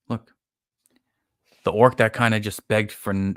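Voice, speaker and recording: A man's voice: lowish voice, little pitch movement, unhurried, long pauses, a bit bright, no room sound, clean studio sound. A man hosting a podcast, giving a casual, blunt, rambling recap with plenty of profanity and filler words. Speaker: podcast host. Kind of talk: casual live-stream episode recap.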